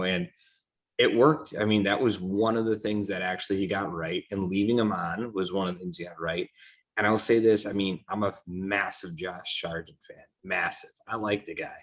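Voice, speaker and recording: A man's voice: low voice, muffled recording. A man co-hosting a soccer talk show, giving frank, opinionated takes in a rambling casual way. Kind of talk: casual sports chat.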